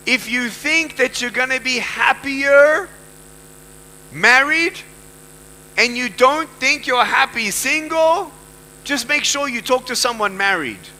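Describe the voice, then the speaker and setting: A man's voice: very high voice, slow pace, bright, forceful tone, a little hiss or hum, low-quality recording. A man with an Australian accent giving an emphatic motivational speech to a live audience, repeating lines for effect. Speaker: motivational speaker.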